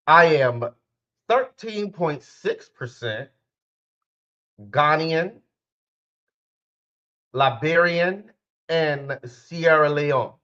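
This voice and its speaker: This podcast host, who also works as a spiritual life coach, has a slightly high, somewhat bright voice. He rambles casually and directly to his listeners, often correcting himself, and the audio is dull.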